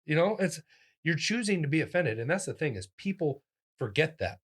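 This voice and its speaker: A man, a comedian, telling stories in a casual interview, animated and acting out the voices of people he quotes with sudden jumps in pitch. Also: fairly quick, slightly rough. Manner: talks in restarts and fillers, lively physical-comic energy. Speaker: comedian guest.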